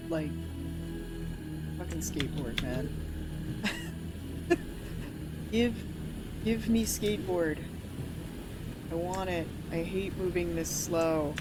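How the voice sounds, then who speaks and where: A woman's voice: lowish voice, takes it slowly, long pauses. A woman giving rambling, chatty let's-play commentary while streaming a game, swearing casually. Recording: game music underneath.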